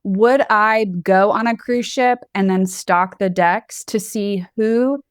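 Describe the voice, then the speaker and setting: A woman's voice: medium pitch, steady tone, slow pace, clean tone, no echo, clean studio sound. A woman co-hosting a podcast in casual chat, candid and playful, often laughing. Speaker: podcast co-host.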